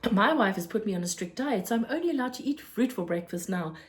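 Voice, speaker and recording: A woman's voice: mid-range voice, animated, fast, close to an everyday voice. A woman reading as a kindly fussy shopkeeper. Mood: gentle. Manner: gentle, fatherly, earnest. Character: kindly fussy middle-aged male newsagent. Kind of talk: storybook read-aloud.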